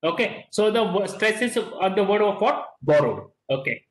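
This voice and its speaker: A middle-aged man with an Indian English accent teaches an online class in a high, lively voice that swings up and down. He repeats himself and leans on key words. The sound carries a noticeable room echo. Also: normal speed. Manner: repeats words, stresses key words, mixes in Hindi.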